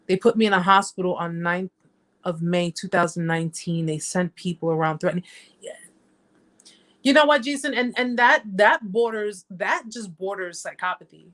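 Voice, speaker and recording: A woman hosting a casual live-stream chat. She reads viewer comments aloud, talks straight to her viewers, and repeats phrases for emphasis. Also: mid-range voice.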